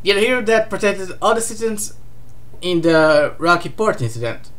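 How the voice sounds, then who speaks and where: A host reading a comic aloud in a live reaction, laughing often and breaking into excited outbursts. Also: mid-range voice, normal speed. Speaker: manga reaction streamer.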